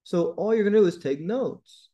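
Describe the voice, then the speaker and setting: A male tutor speaking directly to his students in a lesson. His voice sits a bit high and has a warm, mellow tone. He talks with blunt emphasis and keeps pushing them to do well. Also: moderate pace, lo-fi sound. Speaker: TOEFL tutor.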